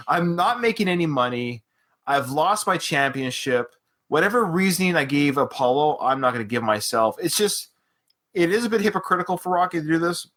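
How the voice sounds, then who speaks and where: A man from Canada hosting a film podcast in casual chat, animated and quick to quote scenes. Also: a little high. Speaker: podcast host.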